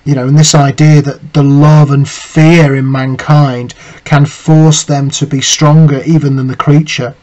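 A man's voice: on the high side, a little mellow, lo-fi sound. A male teacher giving a literature lesson, reading quotes aloud and analysing them, with frequent fillers and restarts. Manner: thoughtful, frequent "you know" fillers and restarts.

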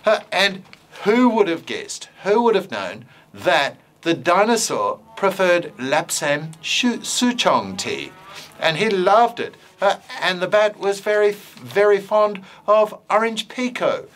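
Playful bright-voiced male educator. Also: high-pitched, sing-song, takes it slowly. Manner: playful, with frequent fillers and hesitations. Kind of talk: informal teaching talk and storytelling.

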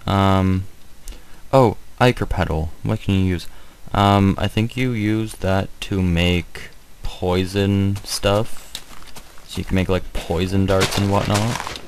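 A man giving casual, hesitant commentary while showing a game mod, with many pauses and fillers. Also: sits low, steady tone, slight background noise, low-quality recording. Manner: hesitant, many ums, rambling.

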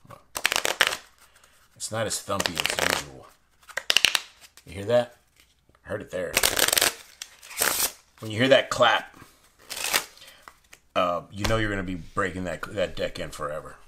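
A young man with a very low voice chats excitedly while unboxing playing cards, now and then dropping to a near whisper. The recording is noisy, with cards shuffling and clicking behind him. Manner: excitable, chatty, drops to a hush. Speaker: playing card channel host. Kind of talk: casual unboxing commentary. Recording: noisy room with card handling sounds.

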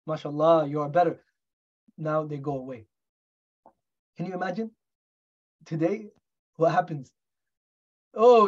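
A middle-aged British doctor, appearing as a guest speaker, gives a storytelling talk on medical history and frequently poses rhetorical questions to the audience. His voice is high and the sound quality lo-fi.

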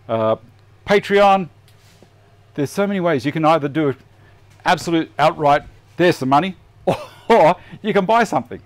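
Slightly high and expressive, his voice moves at a moderate pace. A middle-aged Australian host of a live woodworking show, he chats casually, downplays himself, and thinks aloud as he works at the bench.

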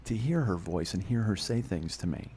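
Fast-talking, profane male comic. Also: lowish voice, animated, mellow, a little hiss or hum. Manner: fast-talking, profane, laughing at his own jokes. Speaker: podcast host. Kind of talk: comedic storytelling monologue. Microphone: studio podcast mic.

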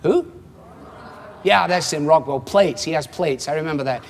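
A man's voice: a little high, normal speed, slight background noise. A man in his seventies with a Scottish accent, preaching a sermon in a wry, conversational way, acting out quotes. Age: 70s. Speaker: pastor. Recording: long hall reverb.

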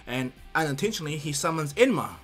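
A man with a slightly high voice tells an improvised fan story, stumbling through fillers and restarts. Soft music sits faintly underneath. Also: animated, fast talker. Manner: hesitant, frequent fillers and restarts. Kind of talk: improvised fan-fiction narration.

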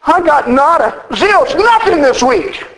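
A preacher voices a gloomy old man, mournful and complaining, in a pulpit joke. The voice sits high and swings a lot in pitch. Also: sing-song, measured pace, fairly bright tone, big-room sound, full character voice, rough recording. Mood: mopey. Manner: mopey, complaining.

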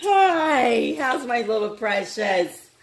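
A woman's voice: on the high side, sing-song, slow pace, heavy background noise. A woman talking baby talk to dogs and a toddler at home, laughing often, filmed on a handheld phone. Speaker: vlogger, dog owner. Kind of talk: casual home video chat.

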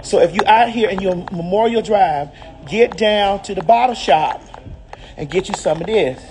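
A woman with a Southern US drawl talks straight into a handheld phone, flamboyant and full of sass, sprinkling honey and baby through her pitch. Her voice sits at an ordinary middle pitch. Plenty of street and shop noise rides along underneath. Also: expressive, normal speed. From Southern United States. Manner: flamboyant, sassy, calls viewers honey and baby. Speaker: brand ambassador and host. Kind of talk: promotional vlog. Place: out and about on city streets and in a liquor store.

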